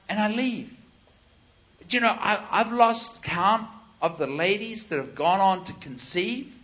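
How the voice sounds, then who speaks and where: High-voiced animated male preacher. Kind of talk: sermon with storytelling.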